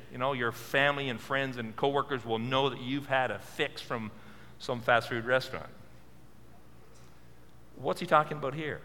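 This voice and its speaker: A man's voice: medium pitch, sharp tone, long reverb tail. A male pastor preaching a sermon, earnest and full of questions, repeating words for stress. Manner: earnest, asks many questions.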